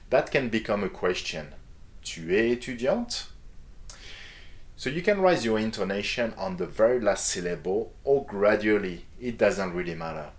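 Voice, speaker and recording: A man teaching a beginner French lesson, clearly modeling French example phrases and questions. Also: low-pitched. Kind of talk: scripted online language lesson.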